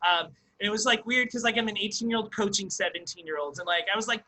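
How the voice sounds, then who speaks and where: A young man in his twenties telling stories as a podcast guest, chatty and animated with lots of fillers. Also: sits high, poor audio. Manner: animated, fast storyteller full of likes and ums. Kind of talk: casual storytelling interview.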